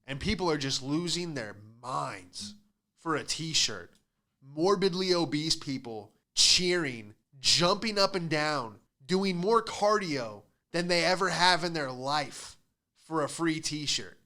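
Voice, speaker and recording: A man's voice: a little high, animated, slow pace, pushed and bright. A young man hosting a podcast, telling stand-up-style stories in a sarcastic, ranting way and acting out other people's voices. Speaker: podcast host and stand-up comic. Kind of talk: casual comedic monologue.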